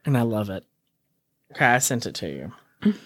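A man's voice: mid-range voice, big pitch swings, normal speed, dry recording. A man co-hosting a casual podcast, venting with theatrical exasperation and bursts of laughter. His voice sits in a middle register. The sound is dry and close, with no room behind it. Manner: exasperated, dramatic, rants with laughter. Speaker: podcast co-host.

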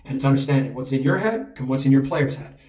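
A man's voice: medium pitch, quick pace, darkish tone. A man coaching in a conversational way, often checking in with "right?". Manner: conversational, keeps asking "right?". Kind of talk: spoken coaching talk. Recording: roomy echo, mic at a distance.

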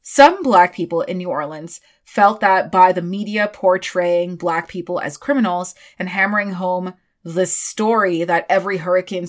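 A woman hosting a history podcast, reading scripted narration broken up by animated, sarcastic asides. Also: on the low side. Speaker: podcast host.

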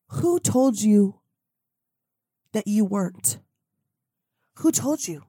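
A woman's voice: fairly high pitch, very animated, slow, long pauses, a little mellow, breathy edge, dry recording, clean studio sound. A woman hosting a spiritual motivation podcast, talking in an effusive, preachy way and leading chanted affirmations. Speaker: podcast host.

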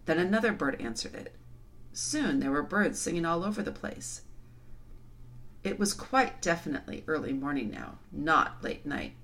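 A woman reads a children's novel aloud with expressive, dramatic storytelling. Her voice sits low but moves a great deal in pitch, giving the narration life. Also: moderate pace. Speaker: storybook reader.

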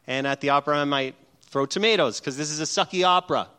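A middle-aged pastor delivers a sermon in a notably high voice for a man. He is animated and playful, and often slips into acted-out scenes to make his point. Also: fast talker, clear, resonant tone. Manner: animated and humorous, acting out little scenes.

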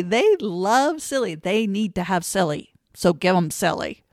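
A woman's voice: medium pitch, very animated, measured pace, no echo, clean studio sound. A woman giving kindergarten teachers classroom tips in a playful manner, breaking into sing-song chants to demonstrate them. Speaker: teacher trainer, podcast host.

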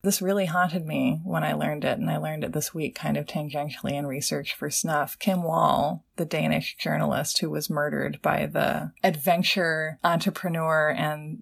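Woman podcast co-host, deep fry-heavy voice, rambling casual talk. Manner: quick, discursive, thinking aloud with many "like"s. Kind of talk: casual discussion.

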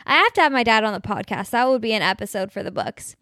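A young woman hosting a podcast, telling family stories in a chatty, animated way, often laughing and saying "like". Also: on the high side, fast, dry recording, clean studio sound. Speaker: podcast host. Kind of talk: casual storytelling monologue.

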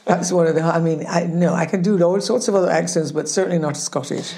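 Lively older woman with a mellow voice. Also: lowish voice, quick pace. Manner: lively storyteller, laughs often, acts out quoted voices. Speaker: guest, actress. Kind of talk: casual chat.

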